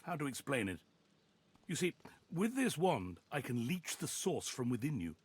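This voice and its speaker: A sanctimonious high judge with a silky, theatrical delivery for a fantasy video game. His voice rises and falls widely as he lectures with cold, polished menace. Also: very animated, moderate pace, husky. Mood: menacing. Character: smug zealous male high judge, cruel.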